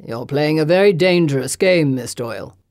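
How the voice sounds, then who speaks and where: A man's voice: fairly high pitch, lively intonation, normal speed, a little mellow, dry recording, studio quality, close to an everyday voice. A woman voicing a cold, threatening aristocratic lord who speaks evenly. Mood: menacing.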